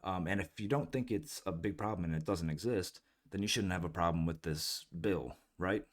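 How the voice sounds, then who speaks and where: A man's voice: deep voice, normal speed. A man hosting casual political commentary in a blunt, scornful and profane way. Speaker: political commentary channel host.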